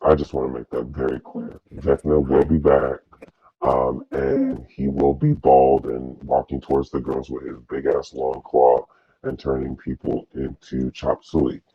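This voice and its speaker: A man's voice: very deep voice, a little slow, slight background noise. A man co-hosting a TV review in casual chat, sassy and rambling, with lots of fillers. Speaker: co-host of a TV review show. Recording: dull, dry lo-fi mic.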